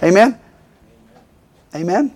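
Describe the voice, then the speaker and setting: A male preacher delivering an animated sermon, calling for responses and asking for "Amen" again and again. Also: sits high, takes it slowly, breathy edge. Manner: animated, fervent, repeatedly asks for "Amen".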